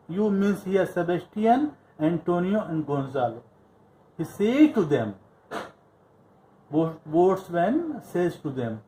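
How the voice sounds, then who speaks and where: High, lively male literature teacher. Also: takes it slowly, a little hiss or hum, rough recording. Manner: repetitive, patient paraphrasing. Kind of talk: explaining a play line by line.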